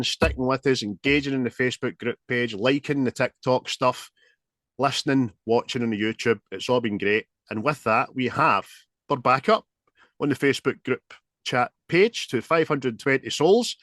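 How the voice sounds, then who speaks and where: A Glaswegian man hosts a movie podcast, joking with his co-host in loose, sweary banter. His voice sits in a middle pitch and is recorded close and dry, with no room around it. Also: moderate pace, a bit bright, no echo. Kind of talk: casual chat.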